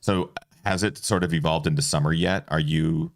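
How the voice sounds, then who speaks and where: A man's voice: extremely low pitch, moderate pace, creaky. A man hosting a running podcast, chatting casually with a guest and using lots of fillers. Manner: relaxed, lots of "like" and "sort of". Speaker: podcast host. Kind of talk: casual interview chat.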